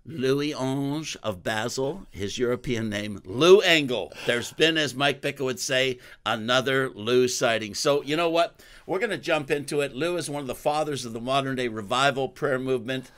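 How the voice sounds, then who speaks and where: A man hosting a podcast, telling a story in an animated way and breaking into loud exclamations. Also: mid-range voice, normal speed, hardly any pauses. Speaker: podcast host. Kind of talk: storytelling interview chat.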